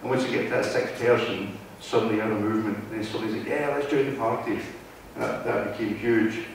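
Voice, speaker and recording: A man's voice: fairly low pitch, level tone, quick pace, gravelly, slight background noise. A man with a Wigan accent gives a conversational talk to a live audience in a meeting hall, often checking in with the room. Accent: Wigan, Lancashire. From North West England. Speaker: guest speaker. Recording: very echoey hall from far off.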